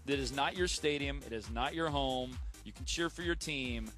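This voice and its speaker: A man's voice: mid-range voice, normal speed, a bit bright, soft background music. A man co-hosting a morning radio show, emphatic and opinionated in studio banter. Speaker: radio co-host.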